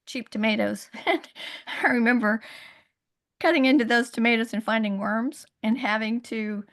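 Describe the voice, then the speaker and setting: Woman, middle-aged, gravelly, fairly high voice, earnest halting personal testimony over a video call. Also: fairly bright tone. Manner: earnest, halting, voice rising when upset. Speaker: guest sharing her story.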